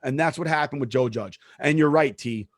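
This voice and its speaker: In clean studio sound without room noise, a man with a mid-range voice speaks at normal speed. He co-hosts a casual sports podcast and works as a supervisor, telling a story emphatically and cursing freely.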